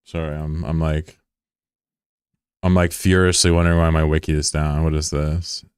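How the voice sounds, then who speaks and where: A man's voice: a bass voice, level tone, moderate pace, a little mellow, clear, resonant tone, no room sound, studio quality. A young man chatting casually on a game livestream, joking and sarcastic in a rambling way. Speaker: game streamer.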